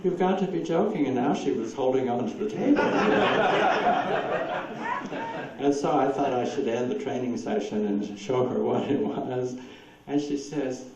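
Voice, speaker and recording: A man's voice: mid-range voice, unhurried, over a noisy crowd. Guy rambling through anecdotes at a talk, laughs a lot, far off mic in a big echoey room. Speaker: speaker answering audience questions. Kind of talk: lecture with audience Q&A. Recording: distant echoey room, dull lo-fi with hiss.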